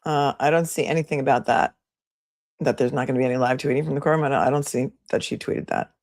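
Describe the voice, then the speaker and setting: Her voice is a deep, darkish bass with a steady tone, and she speaks fast. This woman attorney reads viewer messages aloud on a relaxed livestream, thanking people fondly, in clean studio sound without echo.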